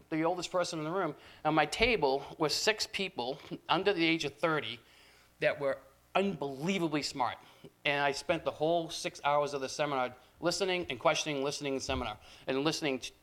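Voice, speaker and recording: A man's voice: a little high, fairly bright tone. An older man giving a talk to journalism students, telling stories in a conversational way with frequent restarts and asides. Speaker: guest speaker.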